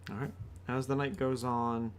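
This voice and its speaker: A man running a tabletop game as game master, narrating slowly and dramatically, with hesitant asides. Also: medium pitch, level tone, clean tone.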